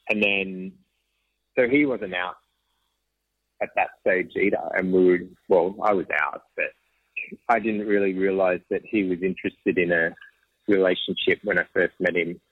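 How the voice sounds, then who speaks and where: Husky man on a tinny line. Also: fairly low pitch, no room sound. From Australia. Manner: rambling with frequent restarts and soft laughs. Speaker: interview guest. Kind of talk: casual conversational storytelling. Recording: tinny phone-like line, dry.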